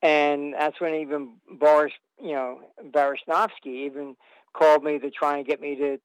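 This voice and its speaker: A man's voice: fairly high pitch, little pitch movement, normal speed, clear, resonant tone, no room sound, poor audio. A man telling long anecdotes as an interview guest, rambling with fillers and restarts.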